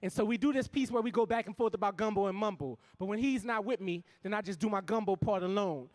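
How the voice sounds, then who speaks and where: A man with a strong New Orleans accent performs spoken word poetry from a live stage. His voice sits very high for a man, and his lines land in rhythmic, punchy runs that break into sudden loud bursts. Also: fast. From New Orleans, USA.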